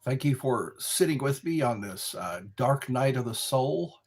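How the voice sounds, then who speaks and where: A man hosting a rambling live stream, chatting slowly with viewers from a dark room lit by a candle. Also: medium pitch, animated, slightly rough. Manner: slow, meandering, talks to viewers. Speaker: livestream host.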